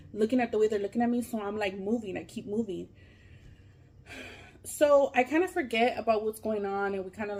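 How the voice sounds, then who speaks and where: A woman vlogger telling a long story while she eats, casual and animated, full of fillers and swearing. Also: medium pitch. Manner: animated, profane, lots of fillers. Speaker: mukbang vlogger.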